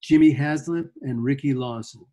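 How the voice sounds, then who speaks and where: A man's voice: medium pitch, normal speed, mellow. A man guest on an interview, telling rambling anecdotes about his music career and acting out quotes. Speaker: guest guitarist. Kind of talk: casual storytelling interview.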